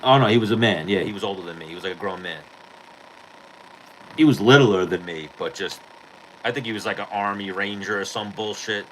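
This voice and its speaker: Low-voiced man telling a profane story. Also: brisk, slight background noise, low-quality recording. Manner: profane, animated storytelling with acted-out quotes. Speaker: podcast host. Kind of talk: casual storytelling chat.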